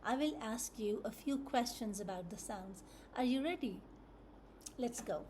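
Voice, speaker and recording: A woman teaching phonics to young children, slowly and patiently, repeating each letter sound several times. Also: a little high, darkish tone, a little hiss or hum.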